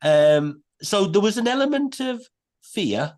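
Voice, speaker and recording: A man, a podcast guest telling a story in a casual, animated way. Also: high voice, a little slow. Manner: animated, many restarts and quoted voices.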